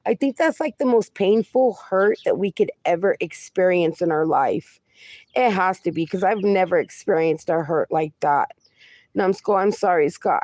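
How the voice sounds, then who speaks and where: Her voice sits on the low side and sounds warm in a dry recording. This livestream host, a woman in her forties, reads her viewers' comments aloud and replies affectionately, addressing them as "my darling" and "my friend."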